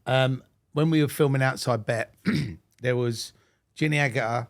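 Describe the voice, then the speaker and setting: A man hosting a podcast interview, chatting in a relaxed, informal way and telling anecdotes. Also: medium pitch, a little slow. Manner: relaxed, conversational, uses informal grammar. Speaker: podcast host. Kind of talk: casual interview chat.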